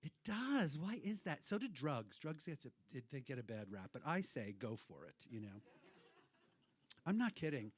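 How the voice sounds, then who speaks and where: A man's voice: medium pitch, sing-song, normal speed, slightly rough. A man hosting a cabaret show, talking to the audience in rambling, irreverent stage banter, swearing freely. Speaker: cabaret host and performer. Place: hotel cabaret room.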